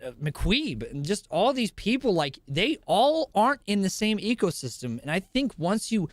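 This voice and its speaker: A man's voice: high voice, very animated, moderate pace, no echo. A young man hosting a podcast, talking casually in a rambling, profane way and laughing often. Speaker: podcast host and streamer.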